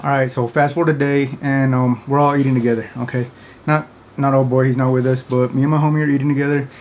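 A man's voice: mid-range voice, level tone, fast talker, darkish tone, slight background noise. A man casually telling a funny story to camera, rambling with many fillers and often breaking into laughter. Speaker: vlogger.

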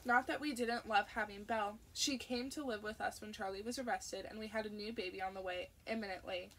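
A woman's voice: mid-range voice, steady tone, a little fast, a bit bright, a little hiss or hum, lightly acted. A woman voicing an anxious, chatty grandmother who talks in a fluttery way.

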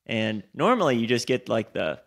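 A man, co-hosting a podcast in casual chat and telling animated, swear-laced stories. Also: mid-range voice, normal speed, gravelly. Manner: animated storyteller, swears freely. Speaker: podcast co-host.

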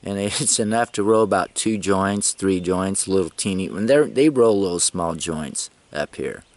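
A middle-aged man talks through a casual travel vlog in a low voice. He rambles from one story to the next and chuckles as he goes. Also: normal speed, darkish tone. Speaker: travel vlogger.

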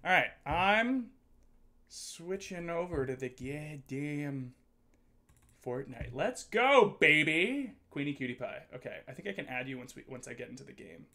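A man streaming a video game, chatting casually and excitedly with viewers, with lots of swearing and jokes. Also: mid-range voice, normal speed, creaky. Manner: excitable, swears a lot, jokey. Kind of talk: casual gaming livestream chat.

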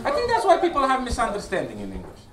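A Romanian man with an extremely high voice, huge pitch swings, and a racing pace does a stand-up set with crowd work in a small basement club. He's playful and teasing, checking in with the audience by asking "right?" The room mic is far off and echoey, with loud crowd and noise.

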